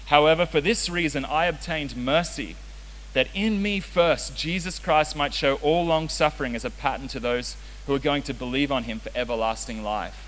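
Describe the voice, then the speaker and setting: Joking youth pastor in a hall. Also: male voice, a little high, moderate pace, a bit bright. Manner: casual, joking, self-deprecating. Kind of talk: sermon. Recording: reverberant hall with faint hiss.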